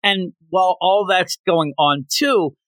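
A man hosting a podcast, recapping a manga chapter in animated casual chat with lots of fillers. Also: high voice, slow pace, no echo. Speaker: podcast host.

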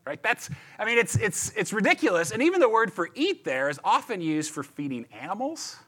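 A male pastor preaching in a loose, chatty way, tossing in "right?" and "like" as he goes. His voice sits a little high and moves around a lot, lively and expressive. He restarts phrases often and keeps the tone conversational. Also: brisk, husky. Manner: animated, chatty, repeats words and asks "right?". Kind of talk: conversational sermon.

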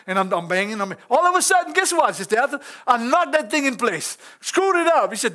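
A middle-aged man with a strikingly high voice leads an informal church sermon. His delivery is folksy and chatty, dotted with chuckles, and he speaks directly to the people in the pews. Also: very animated, brisk, bright, forceful tone. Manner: folksy, chuckling, talks straight to the congregation. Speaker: pastor.

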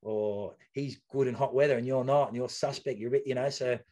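This is a man telling stories in an interview, with a mid-pitched voice. He talks bluntly and with lots of energy, stops and restarts his sentences often, and swears casually. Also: steady tone, a little fast, darkish tone. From Australia. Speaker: guest, former Ironman triathlete.

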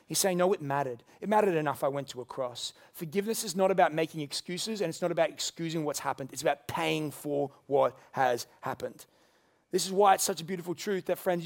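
A man preaching a sermon, swinging between loud emphatic lines and hushed quiet ones. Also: a little high. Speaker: pastor.

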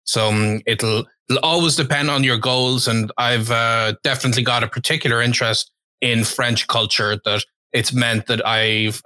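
A man hosting a casual interview who asks curious questions and fills his pauses with uhs and ums. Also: lowish voice, sharp tone, no echo. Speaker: host.

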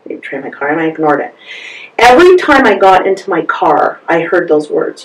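A woman's voice: fairly low pitch, big pitch swings, brisk. A woman, a guest on an interview podcast, telling a personal story with lots of energy and acting out both sides of the conversations. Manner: acts out both sides of conversations, laughs often. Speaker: interview guest, massage therapist. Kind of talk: animated storytelling. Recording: roomy sound from a distance.

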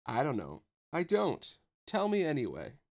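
A man's voice: on the high side, wildly swooping pitch, unhurried, vocal fry, voice pushed up, exaggerated voice. A man voicing a cocky teenage boy rival with a mocking, swaggering manner. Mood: taunting. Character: cocky teenage male rival, teasing bully.

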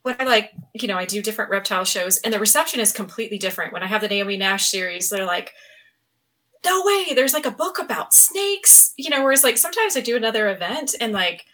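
A middle-aged woman chatting on a podcast as a guest author, telling animated stories and acting out quotes. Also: medium pitch, rapid-fire, few pauses. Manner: animated storyteller, acts out quotes. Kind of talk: casual podcast chat.

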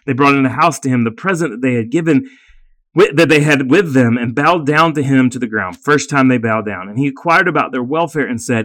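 A man reading scripture aloud at a deliberate pace, with brief plain asides explaining the passage. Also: medium pitch, a bit bright, no echo.

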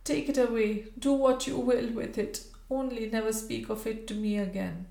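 A woman's voice: a little high, fairly even intonation, normal speed, vocal fry, mellow, voice pushed up. A woman reading the part of a tender-hearted Victorian lady, eager and tearful, in a roomy space. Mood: grieving. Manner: eager, then tearful and pleading. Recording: roomy echo.

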